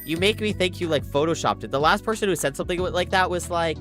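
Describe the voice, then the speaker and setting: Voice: mid-range voice, fast talker, hardly any pauses, a bit bright. Chatty game streamer over faint music. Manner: chatty, playful, reacting aloud to the game. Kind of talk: casual live-stream commentary. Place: home streaming setup.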